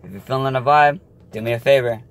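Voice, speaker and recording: A man who is a vlogger, telling a story in a casual, animated way and laughing as he goes. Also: mid-range voice, quick pace.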